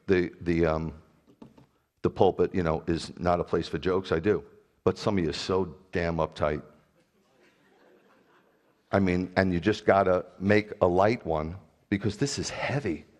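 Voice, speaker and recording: Middle-aged guy pastor preaching, kinda low voice, cracks jokes then gets loud and fired up. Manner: animated, jokey preaching with sudden loud bursts. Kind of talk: sermon.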